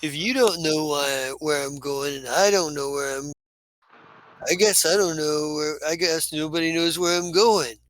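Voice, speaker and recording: A man's voice: on the high side, a little slow, a bit bright, dry recording, low-quality recording. A man voicing an aimless, confused male goblin who rambles and loses his own train of thought. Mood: puzzled. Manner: dazed, rambling, easily confused.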